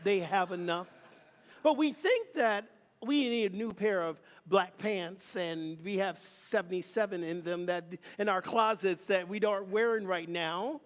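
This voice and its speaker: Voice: mid-range voice, measured pace, long reverb tail. A minister preaching a sermon, emphatic and rhythmic, leading the congregation in call and response. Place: church sanctuary.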